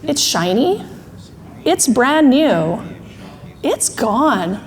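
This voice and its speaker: A woman voicing her calm, matter-of-fact inner voice of reason. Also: mid-range voice, moderate pace, pitched below the performer's own voice, natural voice. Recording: echoey hall with faint ambience.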